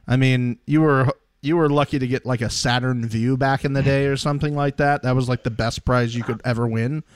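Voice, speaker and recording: A man hosting a podcast, talking in a relaxed, conversational way. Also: medium pitch, brisk, clean tone, no room sound, clean studio sound. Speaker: podcast host. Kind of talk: casual chat.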